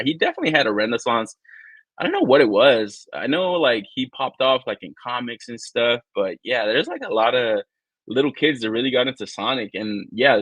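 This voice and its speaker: A man's voice: mid-range voice, no echo. A man co-hosting a toy-collecting live stream, talking in a rambling, profane, casual way and acting out the people he quotes. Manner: profane, rambling, animated storyteller who acts out quotes. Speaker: podcast co-host.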